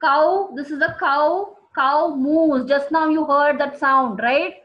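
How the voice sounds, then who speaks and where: Brief: woman teaching a class, high voice, patient repetition, dull lo-fi sound. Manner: slow, repeating key words for students. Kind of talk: classroom vocabulary lesson. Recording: dull lo-fi recording.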